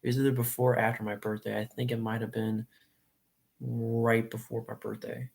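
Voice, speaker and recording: A man's voice: medium pitch, monotone, normal speed, gravelly, a little mellow. A late-teens young man livestreaming, talking in an earnest, rambling and openly emotional way to his viewers. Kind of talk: casual live stream chat.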